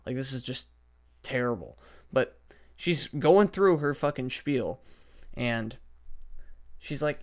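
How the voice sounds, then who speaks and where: A man's voice: medium pitch, expressive, takes it slowly, long pauses. Profane young man ranting on a podcast. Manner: profane, exasperated, rambling. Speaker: podcast host. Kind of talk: casual solo podcast rant. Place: basement at home. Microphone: podcast setup microphone.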